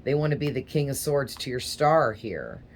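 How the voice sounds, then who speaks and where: A woman's voice: rumbling low, animated, moderate pace, slight background noise. A woman giving a casual tarot reading, talking in a rambling, hesitant way with small stutters. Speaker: tarot reader.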